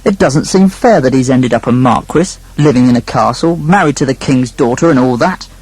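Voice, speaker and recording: A man voicing a loud scheming miller brother. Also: medium pitch, normal speed, slightly rough, close to an everyday voice, low-quality recording. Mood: grumbling. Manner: loud, blustering and sneaky.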